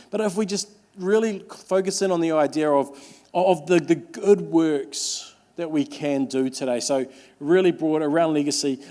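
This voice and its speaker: A young man preaching a sermon, earnest and emphatic, with lots of repetition and quick restarts. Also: high-pitched, darkish tone. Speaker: pastor.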